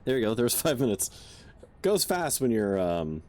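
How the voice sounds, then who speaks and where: A man's voice: medium pitch, sing-song, moderate pace, a little mellow. A young man chatting casually while playing a game, counting aloud under his breath and swearing now and then. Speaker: game streamer.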